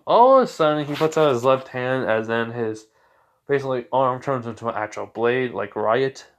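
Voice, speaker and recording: A man's voice: mid-range voice, lively intonation, normal speed. A man improvising a fan-fiction story in a casual, rambling way, full of fillers.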